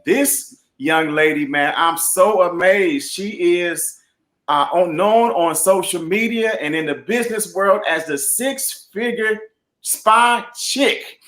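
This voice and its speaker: A man's voice: sits high, measured pace, echoey room. A man from Chicago hosting a business interview show, talking casually and energetically, dropping "man" into his sentences. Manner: energetic, slangy, repeats "man". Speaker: host.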